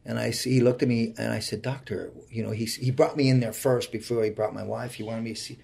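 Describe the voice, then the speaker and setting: A man in his forties, a guest in an interview, telling a personal story in an earnest, heartfelt way that often sinks to a quiet voice. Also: medium pitch, flat delivery, fast, vocal fry.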